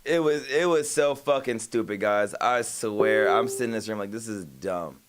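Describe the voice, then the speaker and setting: A young man streaming casually recounts an argument at a normal speed, his mid-range voice set against some background noise. The story is rambling and profane, full of restarts, and he confesses he stutters at times.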